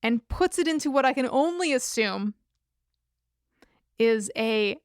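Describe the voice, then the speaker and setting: A woman's voice: fairly high pitch, lively intonation, a little slow, clear, resonant tone, no echo. A woman co-hosting a rewatch podcast, recapping the episode with a wry, dry humor. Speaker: podcast co-host. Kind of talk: casual episode recap chat.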